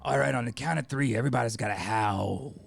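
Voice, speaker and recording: Man doing a werewolf hipster, gravelly growl, laid-back drawl, average pitch, music underneath. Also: fast, a little hiss or hum. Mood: hammy. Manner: drawling, calls everyone man and baby. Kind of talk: improvised radio comedy. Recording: music playing behind.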